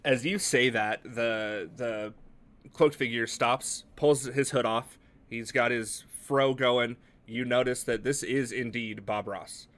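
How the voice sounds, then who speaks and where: A man's voice: mid-range voice, steady tone, takes it slowly, fairly bright tone. A man narrating a tabletop game as game master, casual with many fillers.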